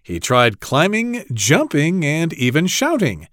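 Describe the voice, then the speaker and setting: A man narrating a children's story in a slow, very expressive read-aloud manner. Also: on the high side, dry recording, clean studio sound.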